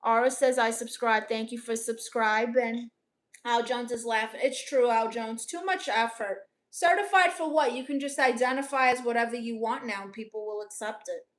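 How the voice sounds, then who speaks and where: A young woman from Brooklyn reading out her chat on a casual livestream, dry, deadpan and sarcastic. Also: a little high, moderate pace. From Brooklyn, New York. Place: home in Los Angeles.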